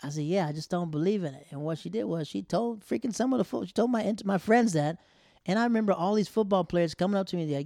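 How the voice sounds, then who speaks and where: A young man casually telling a personal story, acting out quoted lines with sudden loud high bursts and dropping to near whispers for embarrassed asides. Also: fast, vocal fry, no echo, studio quality.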